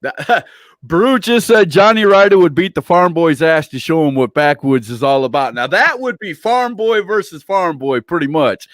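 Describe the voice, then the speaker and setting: In a casual livestream interview, a male host reads viewer comments aloud in a playful, teasing way. His voice sits on the high side, expressive and a bit bright, at normal speed, captured in a dry, clean studio recording.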